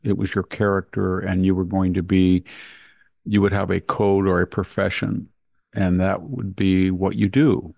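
A man speaks as a podcast host in measured, deliberate commentary. His voice sits low with a gravelly rasp, and the recording is dry and close. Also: level tone, no echo, narrow, tinny audio. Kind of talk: conversational commentary.

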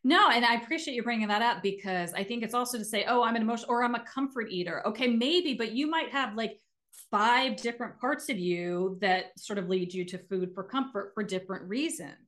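A woman's voice: a little high, a little fast. Middle-aged woman, earnest coach, casual podcast guest. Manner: earnest, animated when making a point. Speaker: guest, emotional eating coach.

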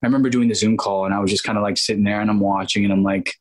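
A man, an actor guest in an interview, telling animated stories and acting out quoted dialogue in other voices. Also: on the low side, rapid-fire, poor audio. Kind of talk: casual interview storytelling.

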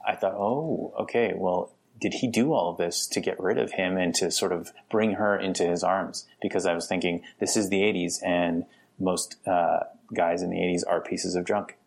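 Guest director, male, deep husky voice, loose rambling chat. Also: fairly even intonation, moderate pace. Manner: rambling, many restarts, laughs often. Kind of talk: casual podcast chat.

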